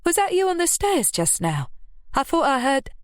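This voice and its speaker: A woman's voice: high voice, very animated, normal speed, no room sound, clean studio sound, voice pushed up. Figure: a woman doing a careful, kindly mother. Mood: cautious. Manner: careful, soft, hopeful. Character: cautious, kindly middle-aged mother.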